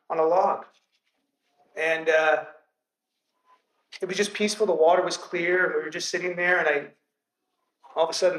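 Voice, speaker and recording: High-voiced man sharing a vision, echoey. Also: a bit bright. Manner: earnest, laughing, halting restarts. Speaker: church member sharing a vision. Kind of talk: testimony to a church.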